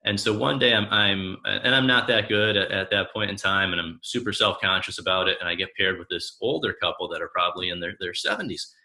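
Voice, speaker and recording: A man's voice: deep voice, brisk, creaky, hardly any pauses. A man in his thirties, a coach, telling family stories and acting out the voices of the people in them. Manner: animated storyteller who acts out the voices of the people in his stories. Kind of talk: personal storytelling talk.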